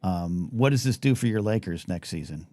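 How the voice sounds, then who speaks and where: A man's voice: deep voice, lively intonation, moderate pace, warm tone, no echo, clean studio sound. An American man hosting a live call-in talk show, rambling and joking with many stammered restarts.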